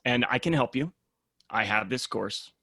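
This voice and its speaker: A man, a program founder, speaking in a casual podcast conversation as an animated storyteller who acts out the voices he quotes. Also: mid-range voice, moderate pace, breathy edge, no room sound, studio quality.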